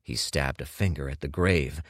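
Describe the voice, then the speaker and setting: A man reading an audiobook in measured scripted narration. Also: very deep voice, no echo, studio quality.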